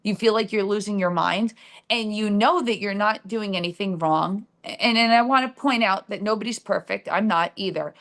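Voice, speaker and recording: On her live stream show, the middle-aged host recounts something personal in an open, unguarded way, stumbling through fillers and restarts. Her New Jersey-accented voice sits in the mid range, slightly bright, at a normal pace.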